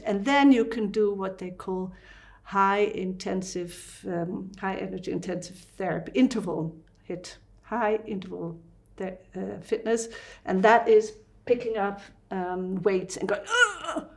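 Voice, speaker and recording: A woman with a Dutch accent talks as a doctor in an interview. Her voice sits in a middle pitch, and she explains step by step, livening it up with small acted-out asides. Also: fairly even intonation, unhurried, creaky, a little mellow. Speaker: fasting doctor.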